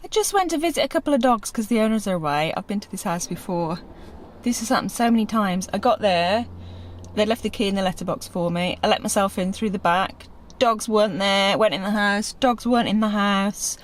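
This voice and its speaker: A woman's voice: mid-range voice, a little fast, slight background noise. A woman vlogging casually as a pet sitter, chatting to the camera and cooing playfully at the pets. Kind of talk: casual vlog chat.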